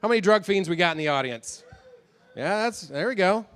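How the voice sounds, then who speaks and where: A man's voice: high-pitched, expressive, brisk, a bit bright, smooth. A middle-aged man doing a rambling, self-deprecating stand-up set, often trailing off into mumbles. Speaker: stand-up comedian.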